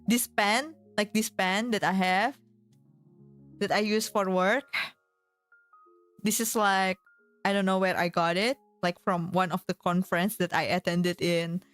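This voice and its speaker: Slow-talking giggly woman streamer. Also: medium pitch. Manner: giggly, with many fillers. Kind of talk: casual chat.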